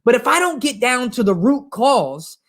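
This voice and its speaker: A man's voice: extremely high pitch, very animated, moderate pace, a bit bright. A man giving an earnest, emphatic motivational talk to viewers of a live stream. He leans on repetition and speaks directly to his audience. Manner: earnest and emphatic, repeats phrases. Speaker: motivational coach.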